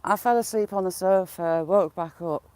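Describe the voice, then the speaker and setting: A middle-aged woman with a lowish, darkish voice talks at a moderate pace, casually chatting with her live viewers while out walking her dog. She's giggly and keeps dissolving into laughter. The recording is dry.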